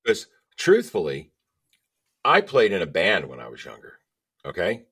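Deep-voiced man, emphatic storyteller. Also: wildly swooping pitch, unhurried, fairly bright tone, husky. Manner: emphatic storyteller, checks in with "okay?". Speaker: podcast guest. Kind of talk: casual interview chat.

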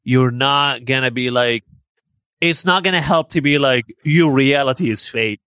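A man's voice: medium pitch, a little slow, clean tone, no room sound. A man co-hosting a podcast, casually agreeing and retelling scenes in an easygoing chat. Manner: relaxed, agreeable, recounts scenes with quoted lines. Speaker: podcast co-host.

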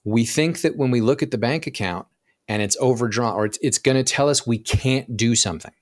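A man talks as a guest on a podcast, explaining with animation and jumping into little acted-out inner voices. He often trips over words and restarts his sentences. His voice sits at a middle pitch, with a dry, close sound and no room echo. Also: brisk. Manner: frequent restarts and stumbles. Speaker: podcast guest, profit coach. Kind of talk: podcast interview conversation.

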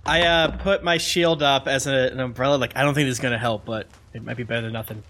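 A man's voice: medium pitch, fairly even intonation, fast, bright, forceful tone, a little hiss or hum. A man playing a tabletop game in casual chat, full of jokey banter. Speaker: player.

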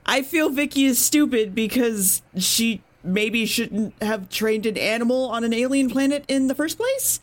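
A woman with a fairly high voice chats casually on a podcast, retelling what happened in an episode. She rambles, swears freely and keeps correcting herself mid-sentence. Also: a little slow, hardly any pauses. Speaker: podcast co-host recapping an episode.

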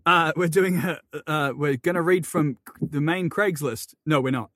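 A man's voice: fairly high pitch, fairly bright tone, no echo, clean studio sound. Witty self-deprecating narrator man. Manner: self-deprecating, quick wit, many ums and uhs. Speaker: audiobook narrator guest. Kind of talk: casual chat.

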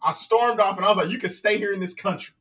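Man, casual storyteller, fairly high voice, animated, profane, voice a bit off mic. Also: fast talker, far from the mic. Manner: animated, profane, acts out both sides of conversations.

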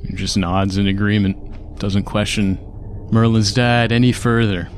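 A man narrating a tabletop role-playing game as game master, in slow, measured storytelling. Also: on the low side, little pitch movement, slight background noise.

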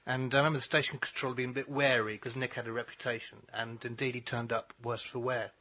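A man as a guest in a casual chat, telling a story at a steady, measured pace. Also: medium pitch.

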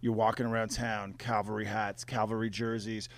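A man hosting a casual podcast interview, chatty and full of quick affirmations. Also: lowish voice, level tone, dry recording. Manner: chatty, chimes in with quick affirmations, says "like" a lot. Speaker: podcast host.

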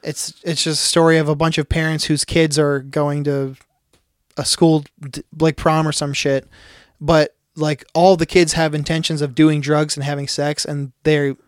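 A man's voice: fairly high pitch, flat delivery, moderate pace, no echo, studio quality. A man co-hosting a podcast, chatting casually and profanely about comedy movies, laughing often. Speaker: podcast co-host. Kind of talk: casual chat.

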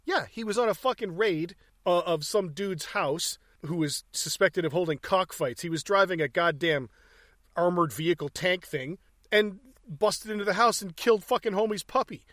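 A man's voice: sits high, normal speed, fairly bright tone, no room sound, clean studio sound. A man hosting a podcast, telling stories in casual profane chat and laughing often. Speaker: podcast host.

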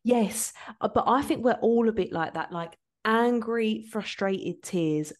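A woman's voice: fairly high pitch, unhurried. A young woman hosting a podcast, chatting openly and telling stories, laughing easily. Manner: open, storytelling, laughs easily. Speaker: podcast host. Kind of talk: casual chat.

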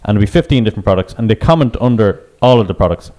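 Male co-host, rapid delivery, warm low voice. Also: animated. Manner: rushed, restarts, jokey interjections. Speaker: podcast co-host. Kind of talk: casual chat.

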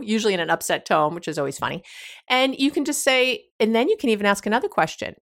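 A woman's voice: a little high, big pitch swings, fast. A woman therapist hosting an advice show, talking through example conversations with frequent restarts and acted-out questions. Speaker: therapist host. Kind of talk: advice podcast talk.

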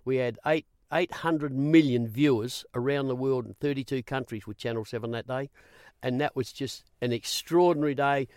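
A man's voice: medium pitch, moderate pace, no room sound, clean studio sound. A man with an Australian accent, a guest in an interview, telling stories with many "I said" asides. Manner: animated, repeats "I said" while retelling. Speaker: guest, former racing interviewer. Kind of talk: storytelling in an interview.

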